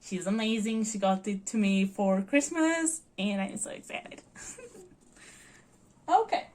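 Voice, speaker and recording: A woman's voice: medium pitch, lively intonation, slow pace, darkish tone. A Portuguese woman in her early twenties, a native Portuguese speaker, chatting casually and gushing with giggles as a book vlogger. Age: early 20s. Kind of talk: casual chat.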